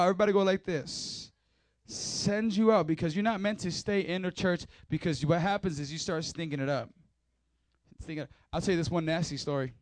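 Speaking into a mic in a church hall, a youth pastor with a somewhat high voice leads a lively service. He's playful and joking as he gets the crowd excited, and the recording is dry.

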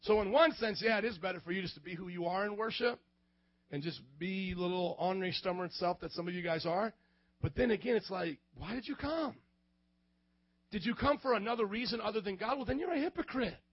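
A young youth pastor with a very high, light voice preaches to a church youth group. He is animated and slangy, acting out the voices of the people in his examples and often rising to a shout. The recording sounds muffled and lo-fi. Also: fairly quick, breathy edge, dry recording. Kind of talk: youth sermon.

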